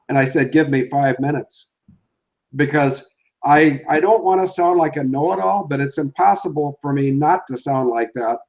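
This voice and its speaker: An older man speaking as a guest, giving fervent, preachy testimony with slow, emphatic delivery. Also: mid-range voice, a little mellow, highs cut off. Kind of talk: earnest religious testimony.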